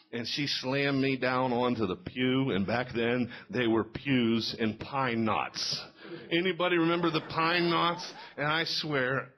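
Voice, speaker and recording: A man's voice: mid-range voice, a bit bright. A middle-aged man telling folksy stand-up stories and quizzing a live audience in a small cafe. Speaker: comedian.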